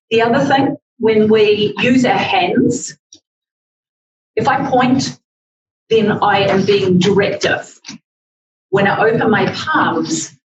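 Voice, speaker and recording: A woman teaching public speaking in a workshop, speaking in a slow, deliberate, demonstrative way. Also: medium pitch, noisy background. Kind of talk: workshop presentation. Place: library meeting room. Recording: echoey, distant, dull audio.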